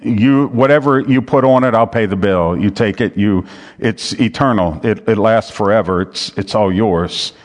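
A man's voice: fairly low pitch, normal speed. A man preaching a sermon as pastor. He talks in a conversational way, reads scripture aloud and repeats his key phrases. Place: church sanctuary. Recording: long hall reverb.

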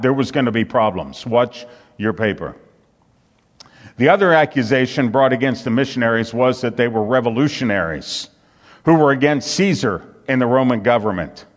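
Preacher man in a reverberant hall. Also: medium pitch. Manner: reads scripture aloud, rises to fervent emphasis. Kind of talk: sermon.

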